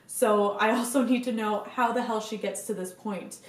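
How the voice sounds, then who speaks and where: A woman's voice: medium pitch, steady tone, normal speed. A young woman vlogger chatting casually to camera, gushing enthusiastically and swearing now and then. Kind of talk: casual fan chat to camera. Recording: echoey room.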